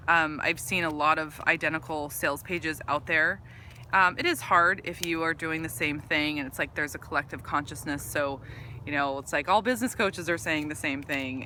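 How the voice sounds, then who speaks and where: A woman's voice: low voice, pushed and bright, a little hiss or hum. A woman business coach talking earnestly to her camera, rambling a bit with lots of ums and restarts. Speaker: business coach for women entrepreneurs. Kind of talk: casual talk to camera. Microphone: camera mic.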